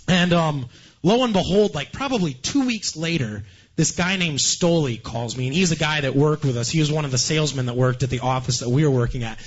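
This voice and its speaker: A man telling a story in a casual chat, animated and laughing often. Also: fairly high pitch, brisk, muffled recording.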